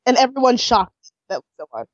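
A woman's voice: a little high, sing-song, fairly quick, crowd noise. A young woman co-hosting a podcast, trading snarky, opinionated reactions in casual chat. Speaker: podcast co-host. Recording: dull, dry recording.

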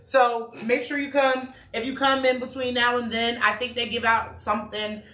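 A woman chef chatting casually with friends and customers, laughing and using relaxed slang. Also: on the high side, moderate pace. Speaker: chef and restaurant owner. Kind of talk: casual promo chat. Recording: echoey room, mic far off.

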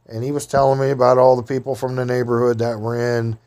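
Man, folksy storyteller, rambling, casual grammar, middle pitch. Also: little pitch movement, fast, darkish tone.

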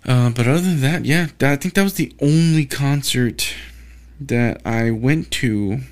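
Gravelly-voiced guy, mid pitch, loose profane solo rant with lots of restarts. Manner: profane, exasperated ranting with frequent restarts. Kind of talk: casual rambling monologue.

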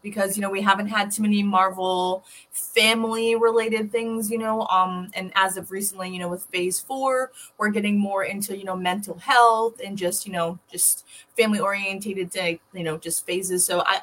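Relaxed woman panelist, lots of "you know". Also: mid-range voice, normal speed, few pauses. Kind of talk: casual chat.

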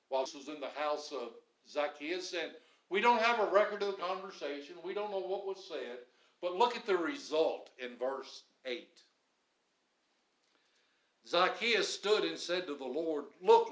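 A man preaching a sermon in an animated way, acting out the grumbling crowd now and then. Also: fairly high pitch, roomy sound, poor audio. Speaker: pastor.

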